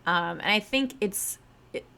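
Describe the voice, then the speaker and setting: A woman's voice: mid-range voice, a little slow, vocal fry, pushed and bright, clear, resonant tone. Opinionated woman hosting a politics show. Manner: opinionated, direct asides to listeners. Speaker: podcast host. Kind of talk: political commentary.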